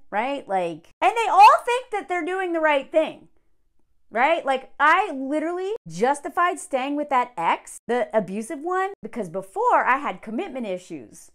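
A woman giving casual reaction commentary in an animated, exasperated and sarcastic way. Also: high-pitched, a little slow. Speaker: online commentator.

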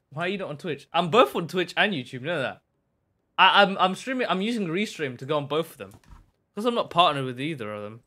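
A young man giving chatty live commentary while playing a game, excitable and bursting into shouts. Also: on the high side. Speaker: live streamer.

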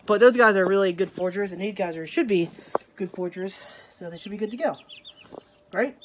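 A woman's voice: medium pitch, brisk, background noise. A woman talking in a casual, rambling way as she films a daily vlog at home, with plenty of "like" and loose asides. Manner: chatty and rambling, full of "like". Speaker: daily vlogger. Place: home indoors, rainy day.

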